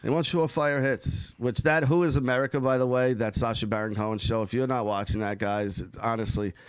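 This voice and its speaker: A man's voice: on the low side, fairly even intonation, fairly quick, clear, resonant tone, no room sound. A man hosting a casual podcast chat, talking in a profane, emphatic, rambling way. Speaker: podcast host.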